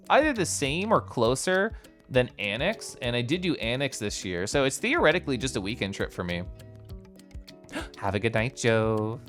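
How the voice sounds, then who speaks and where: A man from Kansas chats casually on his live stream, answering his viewers in a playful, laughing way. His pitch sits in the middle but leaps up and drops low all the time. Soft music plays faintly in the background. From Kansas, United States.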